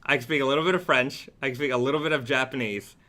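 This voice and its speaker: A man's voice: medium pitch, fairly even intonation, racing, pushed and bright. A man hosting a weekly live stream, chatting casually and reading viewer comments aloud with plenty of fillers.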